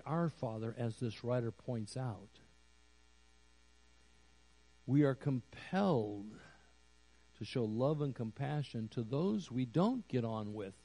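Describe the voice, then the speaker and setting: A pastor preaching a sermon slowly and deliberately, building to emphatic raised phrases. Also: male voice, medium pitch, dark tone, poor audio. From United States. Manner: slow, deliberate preaching with rising emphatic peaks.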